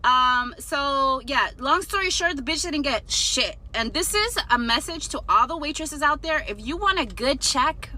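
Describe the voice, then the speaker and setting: Bright-voiced woman telling a blunt story. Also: sits high, measured pace, hardly any pauses. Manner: blunt and profane; animated retelling. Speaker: storytime vlogger. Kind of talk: casual storytelling.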